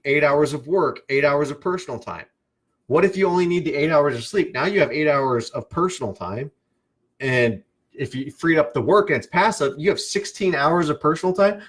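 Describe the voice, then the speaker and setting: A man who coaches online business, talking casually on a live stream in an animated way, often restarting and asking "right?". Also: a little high.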